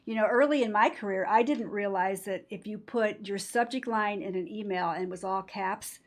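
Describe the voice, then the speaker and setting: A woman's voice: mid-range voice, moderate pace. A woman speaks in an interview as a workshop trainer. She explains her points with emphasis and acts out examples as she goes. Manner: emphatic, explanatory, with quoted voices. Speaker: patient-experience trainer. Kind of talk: interview conversation.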